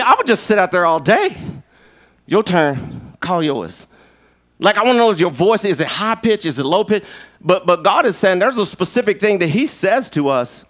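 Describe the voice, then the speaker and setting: Male pastor, animated sermon delivery, joking, slightly high-pitched voice. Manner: playful, animated preaching with jokes and acted-out voices. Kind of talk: lively sermon.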